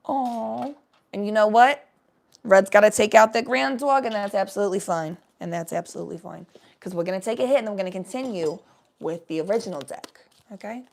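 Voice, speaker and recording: A woman's voice: medium pitch, a little fast, vocal fry, lightly acted. A woman voicing a silly psychic stoner woman in a put-on New Jersey accent, giving a brash, profane live-stream tarot reading.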